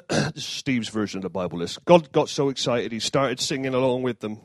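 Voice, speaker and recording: A man's voice: mid-range voice, lively intonation, fairly quick, dry recording. A man giving an informal sermon, mixing scripture with jokey asides and self-deprecating humor. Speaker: preacher.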